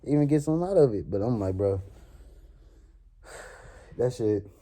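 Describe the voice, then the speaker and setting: Animated young man. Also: mid-range voice, a little slow. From New Orleans. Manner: animated, swearing, laughs often. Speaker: vlogger. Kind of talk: casual story time monologue.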